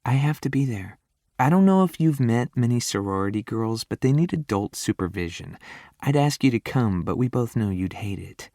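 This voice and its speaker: Sassy, teasing young woman with quick comebacks, read by a male narrator. Dry studio read. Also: medium pitch, lively intonation, warm tone, no room sound, voice pushed up, close to an everyday voice.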